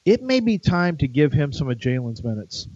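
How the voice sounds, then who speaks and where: A man's voice: on the high side, big pitch swings, normal speed, a little mellow, no echo, lo-fi sound. A middle-aged man hosting sports talk radio, rambling and joking in casual chat. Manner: rambling, chatty, jokey.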